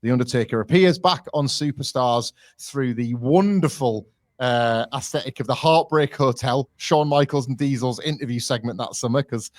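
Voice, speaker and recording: A man's voice: mid-range voice, moderate pace, no room sound. Wry man recapping. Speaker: podcast co-host. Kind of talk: casual podcast chat.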